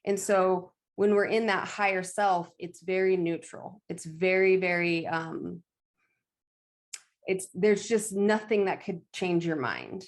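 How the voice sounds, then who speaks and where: Low-voiced woman talking candidly. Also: takes it slowly. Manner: candid, swears freely, laughs often. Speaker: guest medium. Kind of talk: casual conversation.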